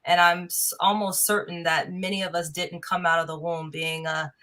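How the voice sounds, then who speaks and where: A woman's voice: on the low side, level tone, normal speed, sharp tone. A woman guest, a tech executive and investor, speaking in an articulate, upbeat way on a livestream. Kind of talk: casual interview talk.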